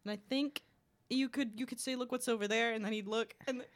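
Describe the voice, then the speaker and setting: A woman's voice: fairly high pitch, fairly even intonation, brisk, slight background noise. A woman in casual podcast chat, making dry, offhand remarks.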